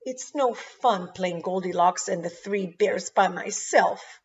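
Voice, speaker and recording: A woman voicing a bossy little preschool girl who gives orders in a high, commanding child voice, on a dull lo-fi recording. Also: takes it slowly, recorded from a distance, close to an everyday voice. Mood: subdued. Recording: dull lo-fi sound.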